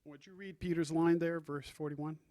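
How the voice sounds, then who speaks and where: A man's voice: on the high side, fairly even intonation, normal speed, dark tone. A man preaching a sermon as pastor, reading scripture aloud and guiding the congregation through the text. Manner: teaching, reads scripture aloud and directs the congregation.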